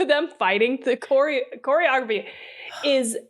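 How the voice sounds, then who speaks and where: A woman's voice: sits high, unhurried. A woman co-hosting a podcast in casual chat, full of fillers like "like", laughing and swearing. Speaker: podcast co-host.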